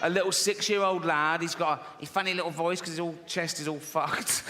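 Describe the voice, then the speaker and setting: Brisk and fairly high-pitched, this middle-aged comedian keeps his intonation fairly even while his voice comes out pushed and bright. He's ranting profanely in mock outrage during a live stand-up set on a theater stage, recorded with long hall reverb and background noise before the audience.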